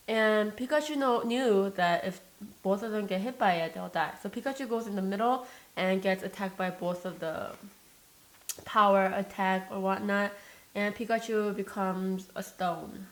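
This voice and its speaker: A woman's voice: mid-range voice, a little slow, rough recording. A young adult woman chatting casually in an eating vlog, rambling and emotional, with many fillers and restarts, over a slightly staticky mic. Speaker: mukbang vlogger. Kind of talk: casual chat while eating.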